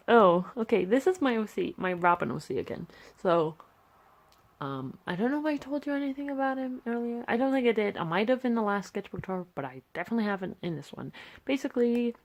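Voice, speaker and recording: A young British woman talking casually through her sketchbook, chatty and self-deprecating, rambling between pages on a phone camera. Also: mid-range voice. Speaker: vlogger.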